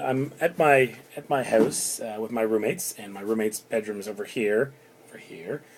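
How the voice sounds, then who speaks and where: A man's voice: mid-range voice, a little mellow, slight background noise, low-quality recording. A man in his thirties from Canada, rambling chattily through a personal story and acting out the people he quotes. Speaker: bar doorman telling a personal story. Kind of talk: casual spoken anecdote.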